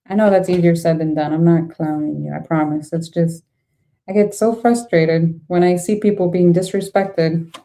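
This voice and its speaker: A woman's voice: on the low side, mellow. A young adult woman giving a casual tarot reading to camera, blunt and exasperated, swearing freely as she reacts to the cards. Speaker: tarot reader.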